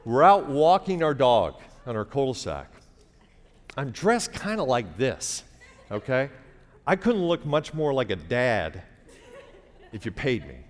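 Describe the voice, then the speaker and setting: A middle-aged man tells a wry, conversational comic story to a theater audience through a stage mic, speaking slightly slowly with frequent pauses. His mid-range voice swings widely in pitch, and the recording carries long theater reverb and faint hiss.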